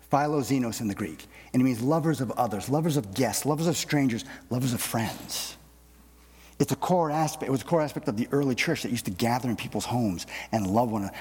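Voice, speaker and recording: A man's voice: medium pitch, a little mellow, breathy edge. A middle-aged man preaching a conversational sermon to his congregation in church, folksy and self-deprecating, often repeating words as he gathers his thoughts. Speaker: pastor. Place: church sanctuary. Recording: long reverb of a large hall.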